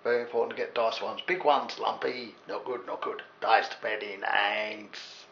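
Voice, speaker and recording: A man's voice: on the low side, steady tone, moderate pace, a bit bright. Jokey English man cooking at home. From England. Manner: jokey, chatty, rambling asides to the viewer. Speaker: home cook. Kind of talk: casual cooking demonstration. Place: home kitchen. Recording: echoey, dull lo-fi with faint hiss.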